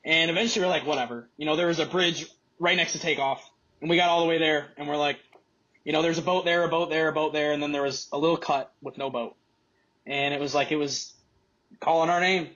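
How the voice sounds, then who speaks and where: An excited young man tells a long story in casual podcast chat, full of fillers and restarts. His voice sits a little high. The recording sounds slightly dull. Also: fast. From Michigan. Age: young adult. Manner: excited, rambling, many fillers. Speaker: college angler guest.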